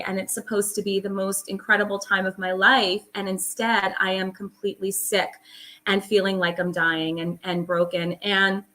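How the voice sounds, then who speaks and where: A woman's voice: medium pitch, sharp tone. A middle-aged woman, a guest on an interview show, telling her personal story in an earnest, emphatic way.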